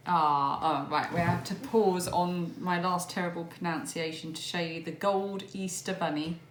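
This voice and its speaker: A woman's voice: fairly low pitch, fairly even intonation, normal speed, a little hiss or hum. Casual vlogger, woman, breezy and giggly, recorded at home in an echoey room. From England. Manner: chatty, laughs often, reads a long list. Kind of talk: casual home vlog chat.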